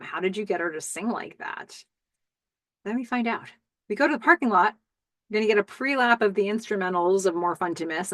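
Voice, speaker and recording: A woman hosting a podcast, casually recapping a TV episode and musing aloud with fillers and quick laughs. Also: mid-range voice, fairly bright tone, no echo. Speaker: podcast host.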